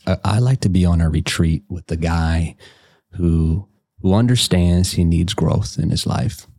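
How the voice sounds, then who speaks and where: A man's voice: low-pitched, warm tone, husky. A man from West Virginia with an Appalachian accent, chatting casually as a life coach, folksy and blunt, with double negatives and swearing. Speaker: life coach and podcast guest. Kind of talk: casual conversation.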